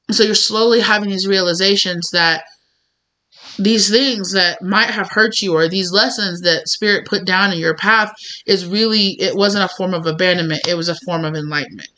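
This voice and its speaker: A woman with a bright, clear tone talks through a spiritual tarot reading. She rambles in a conversational way, leaning on fillers and slipping into small acted-out exchanges. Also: mid-range voice, fairly quick. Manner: rambling, conversational, full of "you know" and acted-out mini dialogues. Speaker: tarot reader.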